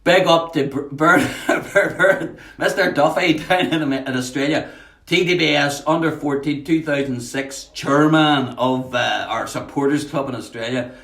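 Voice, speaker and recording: A poet hosts a livestream from his house, chatting casually, greeting viewers by name, and filling the gaps between poetry readings with lots of fillers. His voice is fairly high and fairly bright, creaky, and unhurried. The recording is echoey, with his voice off-mic.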